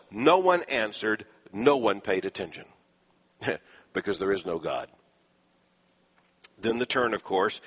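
A man's voice: mid-range voice, fairly bright tone, big-room sound. A man preaching a sermon, explaining scripture earnestly with dry asides.

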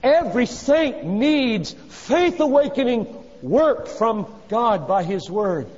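A man preaching a sermon. He swings between loud urgent exhortation and hushed, low phrases. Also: expressive, slow pace, breathy edge. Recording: dull reverberant hall recording.

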